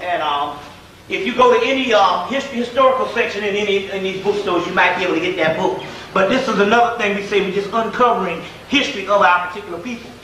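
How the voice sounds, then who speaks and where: A man with a high, bright voice lectures informally, rambling and circling back with frequent "um"s. He sounds far from the microphone in a very echoey room. A faint hiss sits underneath. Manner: rambling, repetitive, with many "um"s and restarts.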